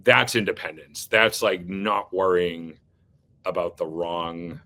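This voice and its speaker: A man's voice: deep voice, slow, bright, forceful tone. A man being interviewed as an agency leader, speaking earnestly with many fillers and restarts. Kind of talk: casual interview talk.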